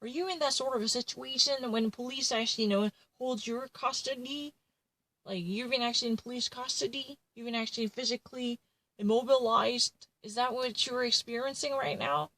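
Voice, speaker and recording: A woman's voice: a little high, steady tone, normal speed, bright, forceful tone, rough recording. A woman retelling a true crime case in casual commentary, rambling and full of fillers and self-corrections.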